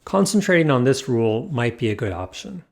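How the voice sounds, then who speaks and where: A man's voice: medium pitch, very animated, fairly quick, gravelly, darkish tone, a little hiss or hum. A man teaching a language lesson, explaining rules point by point in a methodical, scripted way.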